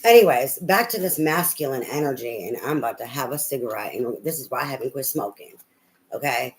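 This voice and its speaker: A woman's voice: rumbling low, lively intonation, brisk, poor audio. A woman tarot reader on a live reading, talking bluntly and profanely in a rambling, ranting way with many fillers.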